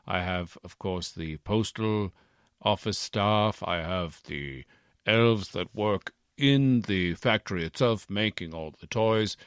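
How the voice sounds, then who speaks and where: A man's voice: lowish voice, slow pace, clean tone, dry recording, clean studio sound. A man voicing a bumbling, self-important old Santa Claus whose accent keeps shifting between Midlands and posh English, rambling and evasive. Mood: pompous rambling. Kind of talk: comedy podcast sketch.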